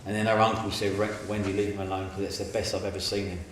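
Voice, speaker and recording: A middle-aged man telling his life story in an interview, colloquial and animated, acting out the people in his stories. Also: low voice, fast talker, crowd noise. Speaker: interviewee giving a testimony. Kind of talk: candid storytelling. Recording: very echoey room, faint noise.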